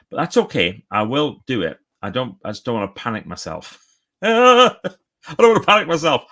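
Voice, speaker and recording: A man's voice: sits low, a bit bright. A middle-aged man chatting enthusiastically on a live stream from his book-lined home office, often stopping and restarting his sentences. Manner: chatty and enthusiastic, self-interrupting. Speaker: author and speaker. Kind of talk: casual live-stream chat. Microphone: phone or camera for a live stream.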